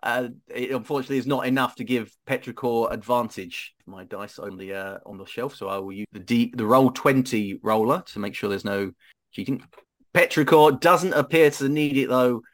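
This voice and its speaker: A man's voice: medium pitch, moderate pace. A man narrating as game master of a tabletop game, hesitant and full of fillers.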